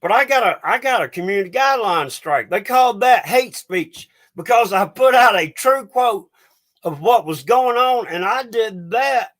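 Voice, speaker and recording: High-voiced man ranting angrily. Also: fairly bright tone. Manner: agitated, ranting, swearing. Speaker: livestream host. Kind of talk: angry ranting livestream.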